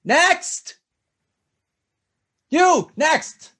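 Man doing a shrill furious tiefling woman. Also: sing-song, normal speed, no room sound, studio quality. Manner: shrieking, berating. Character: shrill bossy female tiefling manager.

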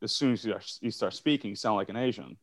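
A man raised in China and a native Mandarin speaker, talking as a guest in a casual podcast chat in a measured, explanatory way. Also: lowish voice.

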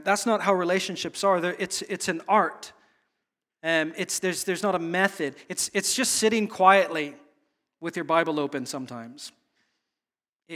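A man's voice: a little high, bright, forceful tone. Earnest male pastor preaching. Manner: earnest, repetitive, halting restarts. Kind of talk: sermon.

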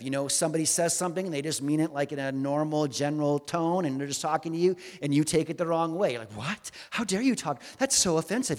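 A man preaching a sermon in a conversational, humorous way, often asking the congregation questions. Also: mid-range voice. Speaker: pastor. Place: church hall with congregation. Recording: long hall reverb.

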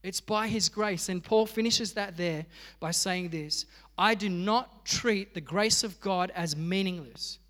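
A man's voice: high-pitched, a little slow, a bit bright, in a large hall. A man preaching a sermon in a conversational way, acting out little dialogues. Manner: conversational, acts out quoted dialogue. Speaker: pastor.

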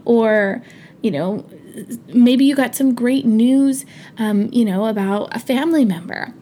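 A woman's voice: a little high, mellow, a little hiss or hum. A woman in her thirties hosting a podcast, talking in a chatty, earnest, motivational way with plenty of fillers and restarts. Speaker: podcast host. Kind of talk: casual motivational monologue.

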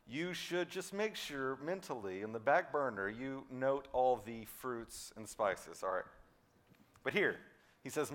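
A male pastor preaching a sermon. He swings between loud, emphatic declarations and quiet, low asides, and repeats words when he stresses a point. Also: expressive, unhurried.

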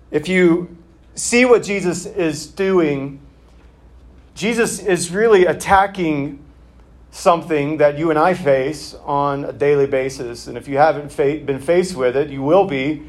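A man's voice: a little high, a little slow. A male pastor giving a conversational sermon in a church, talking plainly with casual fillers.

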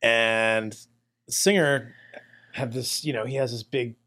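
A man's voice: mid-range voice, a little slow. Laid-back man in casual chat. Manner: relaxed, laughs easily, tells anecdotes with asides.

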